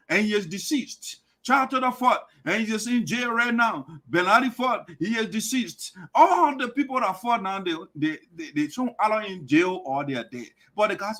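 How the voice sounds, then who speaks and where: High-voiced Liberian man's fiery political talk. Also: lively intonation, normal speed, few pauses. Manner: forceful, repetitive, rising to shouts. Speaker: online show host. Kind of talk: political commentary monologue.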